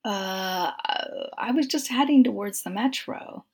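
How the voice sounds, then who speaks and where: A woman reading the lines of a shy, self-conscious young woman in a soft, breathy half-whisper. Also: medium pitch, a little slow.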